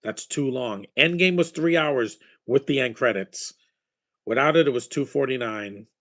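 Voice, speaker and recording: Watching a movie, a man chats away at a normal pace in a medium-pitched, fairly bright voice. His reactions ramble enthusiastically over films and their scores.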